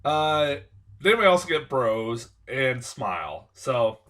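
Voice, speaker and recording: A man's voice: mid-range voice, sing-song, slow, fairly bright tone. A man giving a casual film review, ranting in an angry, profane, exasperated way. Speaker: movie reviewer.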